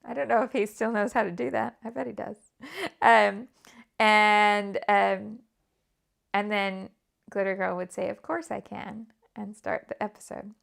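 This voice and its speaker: A British woman with a slightly gravelly, fry-touched voice chats through a live crafting session. Her pitch sits in a middle range. She murmurs quiet asides to herself between remarks to viewers. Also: little pitch movement, unhurried. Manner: chatty, muttering half-whispered asides to herself while working. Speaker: scrapbooking livestream host. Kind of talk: casual live crafting chat.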